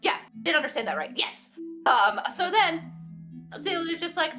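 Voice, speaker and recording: A woman's voice: very high voice, very animated, moderate pace, pushed and bright, soft background music. A woman recapping a tabletop game session in a casual, giggly way, laughing often and swearing freely. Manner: giggly, breathless storytelling, frequent swearing.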